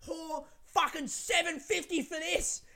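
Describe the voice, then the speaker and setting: A man's voice: extremely high pitch, steady tone, a little slow, bright, forceful tone, voice pushed up, exaggerated voice. A man voicing a drunk, furious woman around forty who screeches and swears. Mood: screaming rage.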